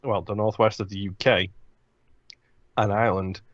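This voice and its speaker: Swearing man, low voice. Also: flat delivery, moderate pace, dry recording, muffled recording. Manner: blunt, profane, rambling. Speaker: podcast co-host. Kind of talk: casual chat.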